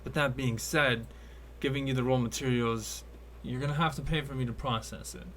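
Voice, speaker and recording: A man's voice: medium pitch, steady tone, moderate pace, fairly bright tone, slight background noise, natural voice. A man voicing an older male shopkeeper who is friendly and businesslike, haggling over prices in folksy merchant talk. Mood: bargaining.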